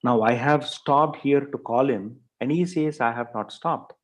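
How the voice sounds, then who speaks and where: A man's voice: medium pitch, unhurried, highs cut off, pitched above the performer's own voice, close to an everyday voice. A man voicing a confused bandit in a told story, talking in a puzzled, pleading way. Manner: bewildered, pleading. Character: confused fierce male bandit, turning humble.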